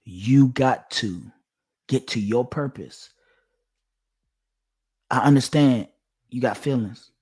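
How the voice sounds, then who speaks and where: A man's voice: medium pitch, takes it slowly, pauses often, darkish tone, slightly rough. A man giving a preachy direct-to-camera monologue, emphatic and repetitive, with a sermon-like cadence. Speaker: online commentator.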